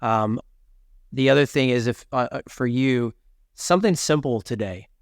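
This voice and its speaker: A man's voice: medium pitch, moderate pace, no room sound, clean studio sound. A man in his forties, a podcast guest telling his story with emphatic, preachy energy and casual slang. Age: 40s. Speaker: podcast guest, author and speaker.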